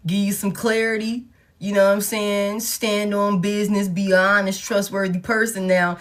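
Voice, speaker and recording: A woman's voice: medium pitch, fairly quick, slight background noise. A woman giving a casual tarot reading, talking bluntly with lots of swearing and frequent laughter. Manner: blunt, profane, animated, laughs often. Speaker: tarot reader.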